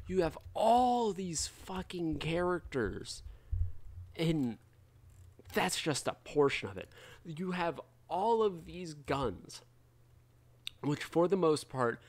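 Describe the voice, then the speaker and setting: Male gamer vlogger, mid-range voice, worked-up rant with loose swearing. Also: mid-range voice. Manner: animated, heated, swears freely. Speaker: gaming video creator. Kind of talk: casual ranting commentary.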